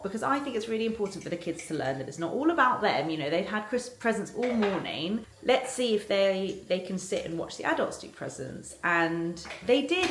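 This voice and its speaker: A woman, chatting casually to camera for her vlog at home, bubbly and rambling. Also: mid-range voice. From London. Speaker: vlogger. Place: home kitchen. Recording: echoey kitchen with background noise. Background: cooking sounds.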